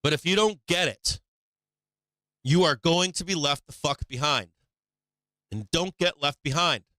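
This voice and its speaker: A man's voice: a little high, unhurried, sharp tone, no room sound. A man hosting a stock market live stream, ranting bluntly and profanely in a casual, preachy way with frequent laughs.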